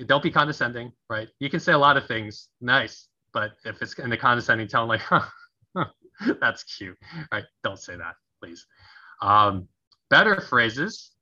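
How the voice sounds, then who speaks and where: Guy coaching on a podcast, acts out phrases and laughs a lot, kinda dull lo-fi audio. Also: lowish voice. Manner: animated, laughs often, acts out sample phrases. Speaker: guest, conflict resolution coach. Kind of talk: casual podcast interview.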